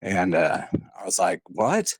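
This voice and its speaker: A man's voice: low voice, steady tone, unhurried, dry recording, clean studio sound. A man telling a personal story in a casual, rambling way, full of "uh" and "and, uh". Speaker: guest recounting a paranormal experience.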